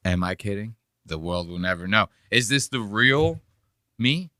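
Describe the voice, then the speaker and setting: A man's voice: on the low side, expressive, a little slow, bright, forceful tone, no echo, studio quality. A man hosting a podcast, chatting in a rambling, joking and profane way. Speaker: podcast host. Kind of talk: casual podcast commentary.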